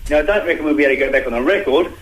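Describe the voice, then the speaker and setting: A boxer in his thirties with an Australian accent calls in to a radio show as a guest, speaking bluntly, combatively, and with plenty of slang. His fairly high voice comes out rapid-fire, and the recording is rough and reverberant.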